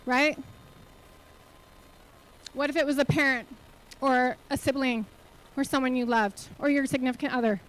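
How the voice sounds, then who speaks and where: High-voiced woman giving a motivational keynote. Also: steady tone, normal speed, pauses often, poor audio. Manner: earnest, rhetorical questions to the audience. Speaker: keynote speaker and nonprofit CEO. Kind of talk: motivational conference talk. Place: conference hall stage.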